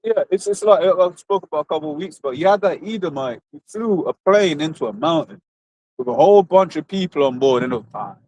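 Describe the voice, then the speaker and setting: Casting: British man, casual and halting, somewhat high pitch. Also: lively intonation, darkish tone, highs cut off, slight background noise. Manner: halting, repeats words. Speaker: podcast co-host. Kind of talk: casual discussion.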